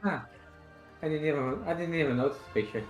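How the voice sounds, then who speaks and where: A man's voice: on the high side, quick pace, soft background music. A man joining a friend's stream, chiming in with short casual remarks. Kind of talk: casual chat.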